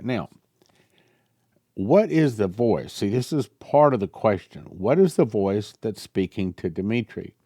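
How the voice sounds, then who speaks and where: A male pastor reading a prophecy aloud to his congregation and commenting on it, growing louder on the quoted passages and musing in the asides. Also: lowish voice, no echo, clean studio sound. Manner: animated, rising loud when reading quotes, musing asides.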